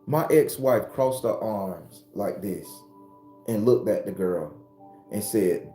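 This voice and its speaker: Slow and lowish-voiced, this host of a spiritual channel launches into an impassioned, profanity-laced motivational monologue. He's blunt and preachy, shouting when he retells arguments, with faint music behind him in a roomy space.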